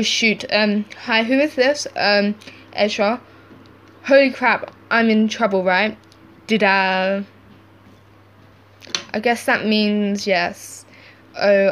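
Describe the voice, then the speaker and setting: A woman reading chat stories aloud, acting out each texter with lively shifts in tone. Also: medium pitch, slight background noise. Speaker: channel host reading text stories.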